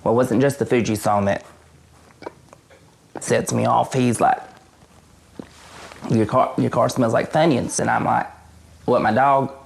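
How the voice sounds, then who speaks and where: A man playing an awkward adult twin brother in a mock documentary interview, halting and rambling, his voice jumping high. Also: fairly even intonation, creaky, slight background noise.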